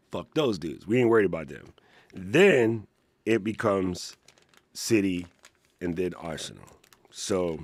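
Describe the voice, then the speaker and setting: A man hosting a live Q&A stream, playful and joking, chatting to viewers in a slightly hoarse voice. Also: fairly low pitch, a little mellow, no room sound. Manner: playful, joking, laughs often, reads chat aloud. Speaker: livestream Q&A host. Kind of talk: casual live-stream chat.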